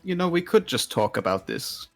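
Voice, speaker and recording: A man's voice: fairly high pitch, very animated, normal speed, vocal fry, faint music behind. A man playing a tabletop game, chatting casually and joking with the game master in a laid-back way. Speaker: player.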